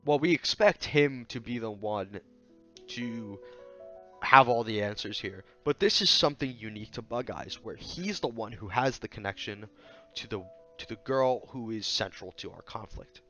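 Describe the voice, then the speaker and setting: A man's voice: fairly low pitch, moderate pace, dull audio, soft background music. A man reviewing a manga chapter in a casual commentary video, thinking aloud with fillers and acting out the characters' lines as he quotes them. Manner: loose, thinking aloud, fillers, quoting characters in lively voices.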